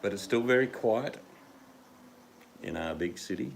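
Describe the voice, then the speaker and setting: Australian bloke, very low gravelly voice, slangy and joking, faint background noise. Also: male voice, lively intonation, a little slow. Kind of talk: casual rambling monologue.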